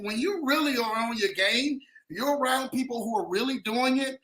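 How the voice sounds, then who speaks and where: A man hosts an upbeat livestream show, hyped up, repeating phrases and naming viewers as he goes. His voice is very high, bright and forceful at a moderate pace, and the recording carries a roomy echo.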